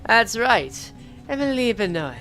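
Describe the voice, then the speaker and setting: A woman voicing a raspy, haughty old female art maestro from a game story, with a slow, drawn-out delivery. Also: a little high, big pitch swings, a bit bright, faint music behind.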